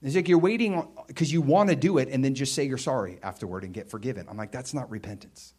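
A man delivering a sermon in an easy, conversational way, as if talking straight to the room. His voice sits at an ordinary middle pitch, climbing into loud, emphatic bursts before dropping back to a low, earnest tone. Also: fast, breathy edge. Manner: animated, conversational preaching with rising emphatic bursts and quieter stretches. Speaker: pastor.

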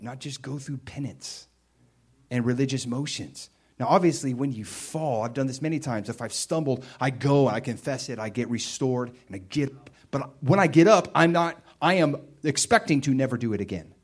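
A man delivering a sermon in an easy, conversational way, as if talking straight to the room. His voice sits at an ordinary middle pitch, climbing into loud, emphatic bursts before dropping back to a low, earnest tone. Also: moderate pace, breathy edge. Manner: animated, conversational preaching with rising emphatic bursts and quieter stretches. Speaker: pastor.

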